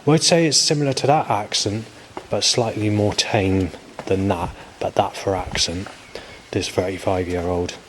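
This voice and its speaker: A man's voice: on the low side, steady tone, normal speed. A man, rambling through a spoken video diary with lots of fillers and swearing. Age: 40s. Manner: rambling, hesitant, swears often, many fillers. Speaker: vlogger. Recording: faint background noise.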